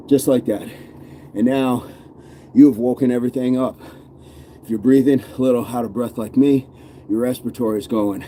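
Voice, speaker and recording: A man's voice: mid-range voice, mellow, a little hiss or hum. A man coaching a live-streamed workout, counting reps aloud and encouraging viewers while chatting with the live chat. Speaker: fitness coach.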